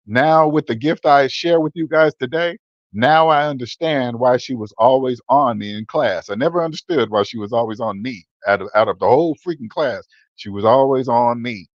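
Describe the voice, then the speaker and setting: A man's voice: mid-range voice, moderate pace, no echo, muffled recording. Blunt preachy man in his fifties. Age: 50s. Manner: blunt, preachy, repeats words for emphasis. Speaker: personal finance channel host. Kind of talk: casual livestream-style monologue.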